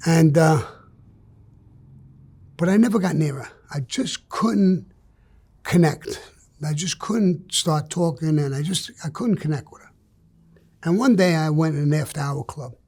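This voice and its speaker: A man from New York, a guest in an interview, tells a crude joke story in a husky, breathy voice pitched slightly high for a man. He swears freely and shifts between hushed asides and loud, animated bursts, speaking a little slowly with long pauses.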